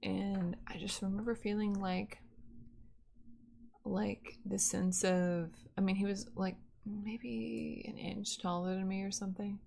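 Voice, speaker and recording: A woman's voice: mid-range voice, level tone, a little slow, gravelly, mellow. A young woman streamer telling a rambling, profane story in casual chat, full of fillers.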